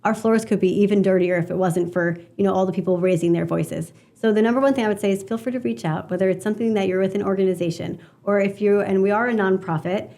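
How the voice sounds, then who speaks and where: A woman guest on an interview show, talking earnestly and animatedly, with quick asides. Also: mid-range voice, mellow. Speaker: guest, media strategist. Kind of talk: conversational interview storytelling.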